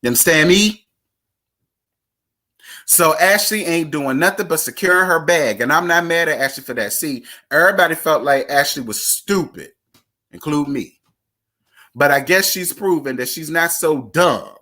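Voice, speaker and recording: Sassy aave-speaking guy spilling reality tv tea, bright higher voice, super dramatic. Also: animated, moderate pace. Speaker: gossip vlogger. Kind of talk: casual reality-TV gossip chat.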